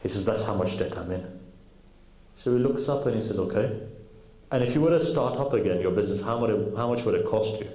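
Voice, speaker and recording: A man's voice: on the low side, brisk. A man telling a story in a sermon, acting out each character's lines. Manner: animated storyteller acting out dialogue. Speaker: preacher. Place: mosque hall. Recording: echoey hall.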